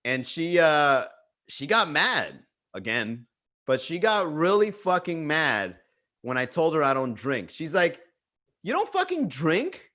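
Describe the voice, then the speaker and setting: A man's voice: on the high side, very animated, a little slow, bright, forceful tone. A man doing stand-up storytelling on a virtual livestream, rambling and profane, with frequent restarts and chuckles. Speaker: stand-up comedian.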